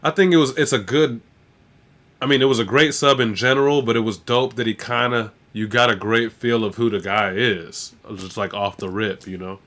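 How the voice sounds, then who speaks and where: A man's voice: medium pitch, moderate pace, fairly bright tone. Laid-back slangy guy. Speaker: stream host and rapper. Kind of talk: casual live-stream chat.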